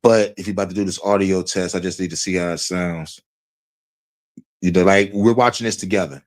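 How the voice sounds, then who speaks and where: Man, very low voice, casual stream talk, rambling, slangy. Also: steady tone, fairly quick. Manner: loose, rambling, filler-heavy, slangy. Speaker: streamer watching a video. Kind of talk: casual live-stream commentary.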